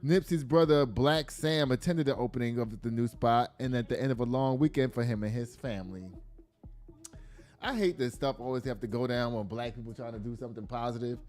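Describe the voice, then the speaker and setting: A man hosting a casual news commentary show, slangy and animated, reacting aloud as he reads headlines. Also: medium pitch, brisk.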